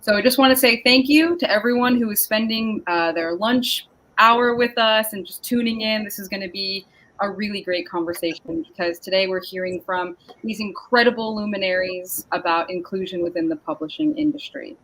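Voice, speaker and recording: A woman's voice: medium pitch, fairly bright tone, a little hiss or hum, low-quality recording. Upbeat woman hosting a webinar panel. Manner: upbeat, emphatic, deliberate. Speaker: panel host and moderator. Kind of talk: scripted-sounding webinar introduction. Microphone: video call.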